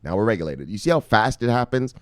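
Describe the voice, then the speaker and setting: Excitable, profane Canadian man ranting. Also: fairly low pitch, quick pace, dry recording, clean studio sound. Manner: excitable, profane, repeats himself, addresses viewers as brothers. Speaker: crypto news vlogger. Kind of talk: animated profane crypto commentary.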